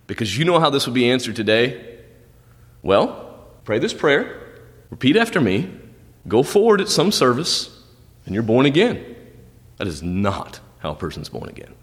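A man's voice: mid-range voice, a bit bright, big-room sound. A male pastor preaching a sermon, quoting scripture with dramatic swings in delivery. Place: church sanctuary.

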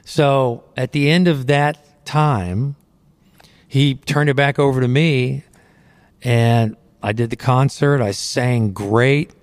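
A middle-aged man tells his story of faith with an earnest, conversational tone. His voice sits at an ordinary pitch for a man. The studio sound is dry and close, with no room echo. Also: steady tone, slow. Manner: earnest, conversational, frequent you know. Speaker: Christian singer telling his testimony. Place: recording studio. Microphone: close studio microphone.

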